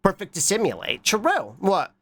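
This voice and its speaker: A streamer with a cold rambles through a casual reaction stream, nose clearly stuffed up. The voice swings hugely in pitch, jumping from low mumbles to squeaky highs. It is recorded dry and close, with no room sound. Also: big pitch swings, moderate pace, sharp tone, dry recording. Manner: scattered and goofy, with frequent repeated "What?" and squeaky high bursts. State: congested from a cold. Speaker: livestreamer. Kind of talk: casual reaction stream, reading chat aloud.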